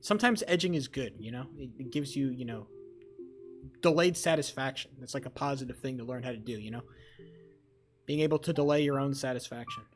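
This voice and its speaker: A young man chatting on a live stream, rambling and excitable with lots of swearing. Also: mid-range voice, brisk, soft background music. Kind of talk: casual live-stream chat.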